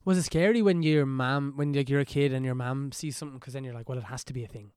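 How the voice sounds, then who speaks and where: A man's voice: medium pitch, fast, a little mellow, smooth, no room sound, clean studio sound. A man hosting a casual podcast, asking easygoing questions. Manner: easygoing questioner, chuckles often. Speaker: podcast host.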